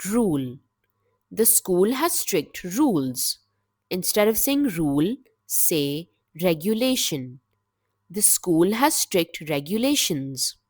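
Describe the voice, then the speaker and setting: In a studio-quality, dry recording, a woman's fairly low voice swings widely in pitch as she works through a deliberate, scripted English vocabulary lesson, enunciating word by word in a measured way.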